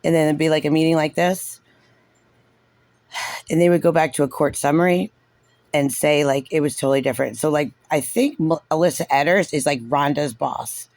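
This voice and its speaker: Gravelly man's sarcastic reaction commentary. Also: on the high side, steady tone, normal speed, darkish tone, dry recording. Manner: sarcastic, frustrated, says "like" constantly. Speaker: parent reviewing a recorded meeting.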